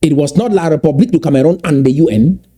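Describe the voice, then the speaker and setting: A man giving impassioned political commentary, emphatic and repeating key points slowly for weight. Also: a little high, warm tone, husky.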